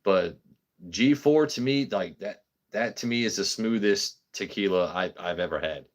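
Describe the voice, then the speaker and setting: A man's voice: low voice, moderate pace. A man hosting a livestream in casual, rambling chat, swearing freely as he talks. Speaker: livestream host.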